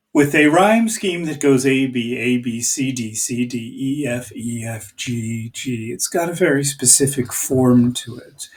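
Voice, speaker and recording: A man teaching a lesson on reading poems, explaining slowly and deliberately with some hesitations. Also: mid-range voice. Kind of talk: poetry lesson video.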